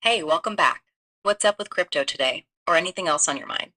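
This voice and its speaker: A woman's voice: lowish voice, expressive, fairly quick, bright, forceful tone. A text-to-speech woman's voice acting as a casual, eager-to-help assistant. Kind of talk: chatty synthetic assistant.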